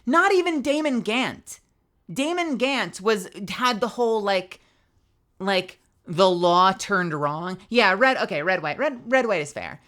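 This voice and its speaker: A woman's voice: mid-range voice, lively intonation, measured pace, a bit bright. A young woman streamer with a tired, strained voice, chatting animatedly, laughing and swearing freely. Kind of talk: casual stream outro chat.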